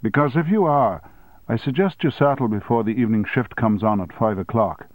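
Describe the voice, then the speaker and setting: A man's voice: medium pitch, fairly quick, no room sound, natural voice. A man reading an audiobook and voicing a smug male union boss who speaks with sly, feigned innocence.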